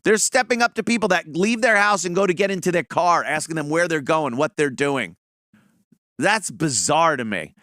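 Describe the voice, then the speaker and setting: Guy ranting on his show, swears a lot, sharp bright voice. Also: fairly high pitch, lively intonation, normal speed, no echo, studio quality. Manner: blunt, profane, mocking asides. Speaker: podcast host. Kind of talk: casual opinion monologue.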